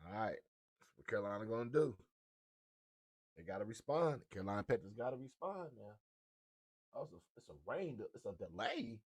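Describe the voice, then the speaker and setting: A man's voice: lowish voice, very animated, brisk, long pauses, husky, no room sound. A man hosting a live sports commentary stream, talking in a slangy, taunting way and repeating his lines in a sing-song chant. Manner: slangy, casual. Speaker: streamer host.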